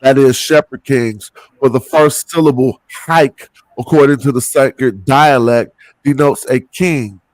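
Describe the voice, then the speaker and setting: A man reads source quotes aloud in a steady, matter-of-fact voice. He sits at a medium pitch, and the sound is close and dry. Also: unhurried, no room sound, poor audio.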